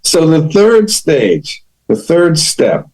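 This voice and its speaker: Calm, earnest man with a mellow voice. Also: on the high side, slow pace, rough recording. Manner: calm, earnest, acts out example dialogue. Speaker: podcast host. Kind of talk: self-help talk on boundaries.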